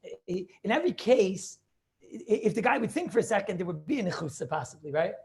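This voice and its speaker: A man's voice: high-pitched, very animated, fast talker, creaky, darkish tone. A man teaching a Talmud class over a video call, thinking aloud with many restarts and questions to his students.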